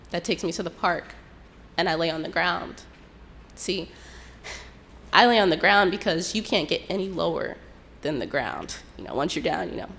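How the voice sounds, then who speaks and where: A young woman tells her own story in a slow, reflective way, her voice sitting a little low. She shifts into quoted lines as she goes, and a faint hiss of background noise runs beneath her. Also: gravelly, fairly bright tone. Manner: unhurried, reflective retelling with quoted dialogue. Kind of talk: personal storytelling.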